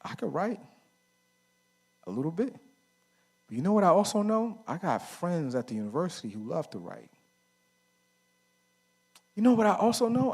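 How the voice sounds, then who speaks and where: This middle-aged conference speaker has a slightly high voice with a darkish tone. He gives a laid-back, story-rich talk at a men's conference, asking the audience questions that he then answers himself, and his speech is casual, full of slang and fillers like "right?"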